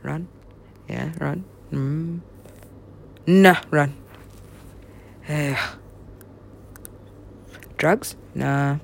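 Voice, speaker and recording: A young woman rambles slowly to herself, her voice gravelly, cursing freely and sometimes sinking to a whisper. A faint hiss sits under the recording. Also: sits low. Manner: rambling, profane, talks to herself, drops to whispers. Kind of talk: rambling solo talk.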